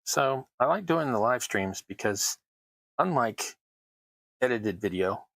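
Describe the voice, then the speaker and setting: A man's voice: mid-range voice, lively intonation, slow, vocal fry, a bit bright, no room sound, low-quality recording. A man hosting a crafting livestream, chatting casually while he works, with wry, self-deprecating asides. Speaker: terrain crafting livestream host.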